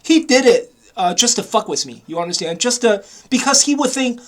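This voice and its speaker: Hombre indignado que despotrica sin parar. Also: male voice, high voice, very animated, normal speed. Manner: heated, profane, repeats himself, frequent "you know?". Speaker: vlogger. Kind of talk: casual ranting monologue.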